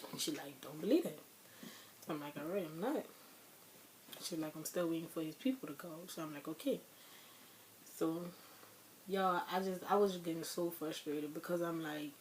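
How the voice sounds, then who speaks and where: A woman's voice: low voice, a little hiss or hum. Young woman rambling through a storytime. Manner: loose rambling retelling, heavy on fillers and addressing viewers. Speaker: vlogger. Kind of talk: casual storytime vlog.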